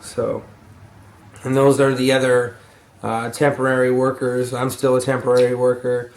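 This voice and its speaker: Brief: weary young guy, mid-pitch, casual and cursing, roomy home echo. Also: monotone, moderate pace, darkish tone. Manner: rambling, profane, yawning and sighing. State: tired. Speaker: vlogger, lumber yard crew lead. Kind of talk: rambling casual advice vlog. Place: room at home.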